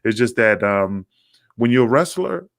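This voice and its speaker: A man co-hosting a podcast, telling rambling, animated stories in a casual chat. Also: medium pitch, normal speed, gravelly, no echo, clean studio sound. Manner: rambling, animated storytelling with acted quotes. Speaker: podcast co-host, former wrestler.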